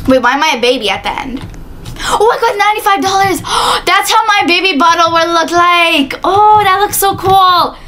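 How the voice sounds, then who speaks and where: A woman host giving excitable, casual commentary while playing a video game, with loud keyboard clicks behind. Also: very high-pitched, moderate pace, slight background noise. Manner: excitable, exclamatory. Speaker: gaming channel host.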